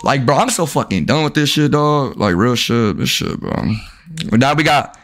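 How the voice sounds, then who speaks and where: A man live-streaming a video game, cursing and trash-talking at his chat, with sudden yelled outbursts. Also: medium pitch, animated, normal speed, faint music behind. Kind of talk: casual live-stream commentary while gaming.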